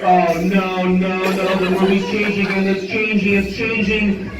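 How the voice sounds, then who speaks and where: A man working as a stage hypnotist, telling a guided story to his subjects in a dramatic, animated way, recorded from far off in an echoey hall with a laughing crowd. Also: sits high, a little slow. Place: school event hall with an audience. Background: audience laughter.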